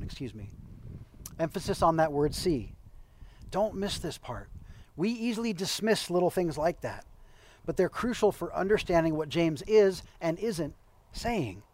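A man's voice: fairly high pitch, poor audio. Man preaching a conversational sermon. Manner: conversational, explanatory, with occasional light humor. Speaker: pastor.

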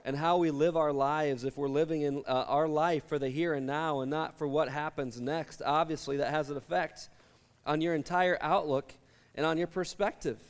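A middle-aged male pastor with a high, smooth voice preaches to his congregation. He tells stories with humor and acts out each character's lines, and his voice carries a long reverb through the hall. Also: steady tone, moderate pace. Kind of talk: sermon.

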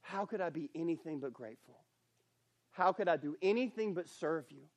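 High-voiced earnest man preaching. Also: animated, normal speed, no room sound, clean studio sound. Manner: earnest, building to emphatic preaching; repeats himself, restarts phrases. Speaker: camp speaker. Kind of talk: sermon.

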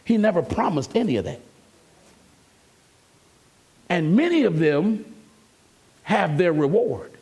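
Male pastor, fairly high and husky, swings his pitch widely while preaching to the room. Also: big pitch swings, slow, pauses often, darkish tone. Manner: emphatic, conversational preaching with call-outs to the congregation. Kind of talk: sermon.

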